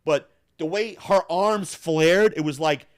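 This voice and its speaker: A man's voice: a little high, slow pace. A man hosting a casual podcast chat, telling a story with lots of swearing and laughter. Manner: animated, profane, laughing storyteller. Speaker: podcast host.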